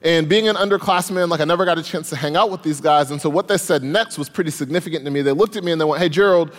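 Brief: young male storyteller, animated and comic, higher-pitched; hall with long reverb. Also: very fast. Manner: animated, comic, rising in excitement. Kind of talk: live stage storytelling.

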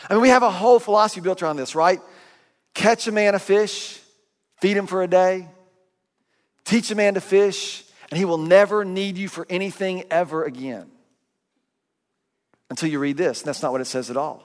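A middle-aged man pastor giving a sermon, telling stories with self-mocking humor and voicing quick asides. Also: high-pitched. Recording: long reverb of a big hall.

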